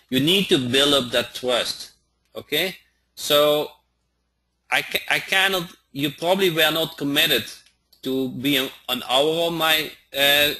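A man teaching a live online training, speaking haltingly and often checking in with his listeners. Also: mid-range voice, bright, forceful tone, slightly rough. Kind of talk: live webinar instruction.

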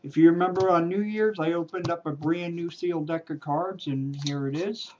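In a dull, lo-fi home video with slight background noise, a man with a fairly high, slightly mellow voice performs a card routine. He talks to the camera casually and playfully, cracking jokes and stretching out words for emphasis.

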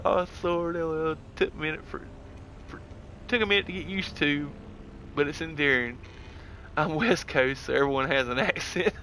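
A man's voice: on the high side, pushed and bright, slight background noise. A man with a Southern US accent, chatting casually as he streams a game and reads out viewer comments in a laid-back way. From United States. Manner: laid-back and chatty, drawling "heck yeah" and "dude", reads chat aloud. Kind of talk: casual live-stream gaming chat.

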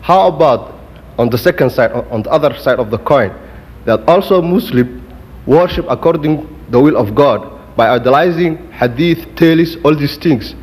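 A husky male voice from the floor asks a question at a lecture, stopping and restarting often as he searches for words. Long hall reverb hangs on his speech. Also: fairly high pitch, animated, moderate pace, a little mellow. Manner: hesitant, many fillers and restarts. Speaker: audience questioner.

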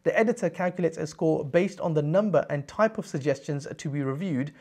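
A man presenting a screen-recorded software tutorial, explaining step by step in an upbeat way with frequent check-ins. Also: a little high, a little fast.

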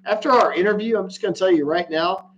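A man's voice: high voice, fast, fairly bright tone, highs cut off, a little hiss or hum. Crude, blunt livestreaming man. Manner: crude, blunt, laughs often. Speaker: livestream host. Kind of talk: casual livestream chat.

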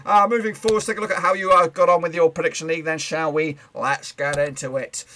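A man hosting a casual football predictions recap, chatty and playful, with quick asides, fillers and a voice he says he is losing. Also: a little high, fairly even intonation, heavy background noise. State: losing his voice.

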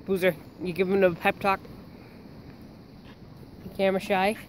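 Woman filming her pets in the yard, slow, sing-song teasing; background noise present. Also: medium pitch, flat delivery, rough recording. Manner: teasing, playful, laughing. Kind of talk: casual chat.

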